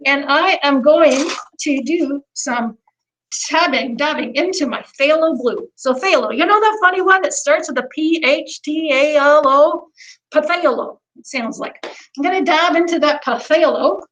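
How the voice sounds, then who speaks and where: A woman with a put-on Southern US accent teaching oil painting in a soft, folksy, gently joking livestream lesson in the manner of a TV painter. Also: high voice, measured pace. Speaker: painting instructor. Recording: noisy livestream audio.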